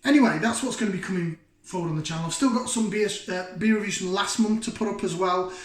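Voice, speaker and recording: A man's voice: sits high, quick pace. A man chatting casually to camera as a beer reviewer, rambling and poking fun at himself. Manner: chatty, rambling, self-deprecating. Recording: roomy echo.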